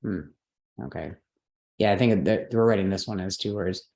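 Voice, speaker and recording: A woman teaching a live class, explaining step by step, checking that her students follow, and correcting her own slips out loud. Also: very deep voice, moderate pace, echoey room. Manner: patient, step-by-step explaining with frequent checks for understanding.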